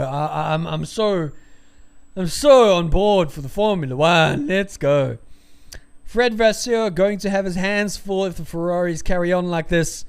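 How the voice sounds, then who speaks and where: A man giving excited live race commentary, rambling with fillers and breaking into loud cheers. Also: high voice, a little slow, clear, resonant tone.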